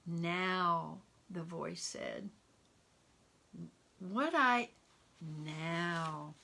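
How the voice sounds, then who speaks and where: A woman preaching a sermon at an unhurried pace. She tells a story with drama and drops at times to a soft hush or whisper. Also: lowish voice, a little hiss or hum. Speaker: minister.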